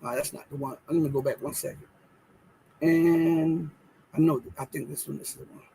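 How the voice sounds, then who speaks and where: A man's voice: on the high side, fairly even intonation, normal speed, creaky, warm tone, slight background noise, rough recording. A man hosting a live news commentary show, emphatic and full of rhetorical questions, thinking aloud as he pulls up and reads articles. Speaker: host.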